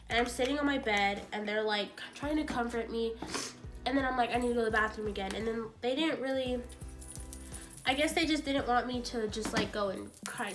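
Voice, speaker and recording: Young woman, teary and rambly, says "like" a lot, kinda high voice, soft music behind. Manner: rambling, heavy use of "like", acts out quoted talk. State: tearful, voice breaking. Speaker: vlogger. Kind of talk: emotional storytime vlog.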